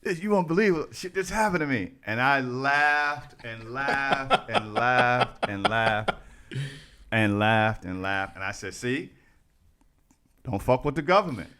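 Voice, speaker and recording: A man's voice: medium pitch, expressive, measured pace. Emphatic man on a podcast. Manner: emphatic, addresses listeners as ladies and gentlemen. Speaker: podcast co-host. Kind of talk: casual podcast chat.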